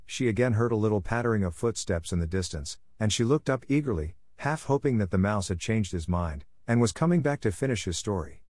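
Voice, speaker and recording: A man reading a classic storybook aloud in a steady, measured narration for language learners. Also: on the low side, no room sound, clean studio sound. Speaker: audiobook reader.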